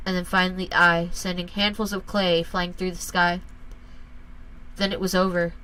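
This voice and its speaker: Woman, horror story reader, calm measured narration, bright crisp tone, lowish voice. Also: a little hiss or hum, poor audio.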